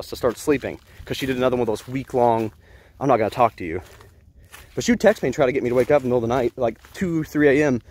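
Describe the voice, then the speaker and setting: A man's voice: medium pitch, a little mellow, a little hiss or hum. A man telling a personal story in an earnest, rambling way, often restarting his sentences. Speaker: vlogger.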